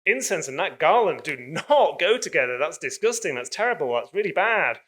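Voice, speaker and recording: A man voicing a fussy male impostor who pretends to be a perfume expert, with theatrical, exaggerated disgust, his voice raised higher for the part. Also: very animated, moderate pace, fairly bright tone. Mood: melodramatic.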